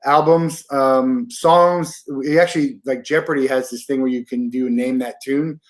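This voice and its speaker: A man's voice: mid-range voice, steady tone, unhurried. A man in his forties hosting a podcast interview, talking in an easygoing, rambling way. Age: 40s. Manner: easygoing, rambling, with repeated words and fillers. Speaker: podcast host. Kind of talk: casual interview chat.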